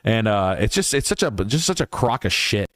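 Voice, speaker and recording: A man's voice: fairly low pitch, very animated, moderate pace, a bit bright, dry recording. A man hosting a livestream podcast, ranting casually in a heated, profane way. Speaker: podcast host.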